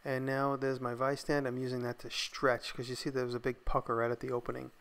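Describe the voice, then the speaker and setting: A man talks through his workshop project in a loose, unscripted voice-over. His voice sits at an ordinary middle pitch, and he sounds relaxed and a little tired as he thinks aloud. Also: a little fast, creaky, smooth. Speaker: maker narrating his build video. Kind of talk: casual voice-over narration.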